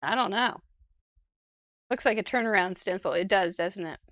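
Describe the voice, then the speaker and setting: A woman's voice: mid-range voice, moderate pace, a bit bright. A woman with a Midwestern American accent hosting a live crafting show, chatting casually, giggling and thinking aloud. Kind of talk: casual live-stream chat.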